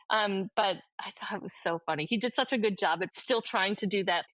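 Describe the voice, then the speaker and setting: A woman's voice: medium pitch, fairly quick, fairly bright tone, no room sound. A young woman in her twenties with a Maryland accent, chatting as a podcast guest in a rambling, giggly way with lots of fillers. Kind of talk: casual chat.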